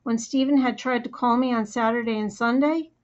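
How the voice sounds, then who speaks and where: A woman reading a first-person children's story aloud in a lively, chatty storytelling manner. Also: on the high side, fairly quick. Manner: lively, chatty storytelling as a young girl narrator. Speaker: audiobook reader. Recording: slightly muffled recording.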